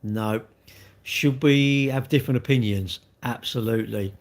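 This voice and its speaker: A man's voice: mid-range voice, a little slow. An English man chatting on a live stream, rambling and blunt as he answers viewers in a slangy way.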